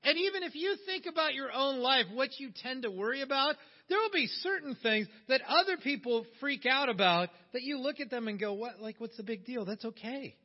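Fairly quick and barely pausing, a man with a very high, animated voice gives a conversational sermon full of questions for his listeners. The recording sounds dull and carries a long hall reverb.

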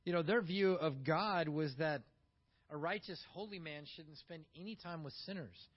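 A man preaching a sermon, animated, swinging from emphatic peaks to quiet, slowed asides. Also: a little high, dull audio. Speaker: pastor.

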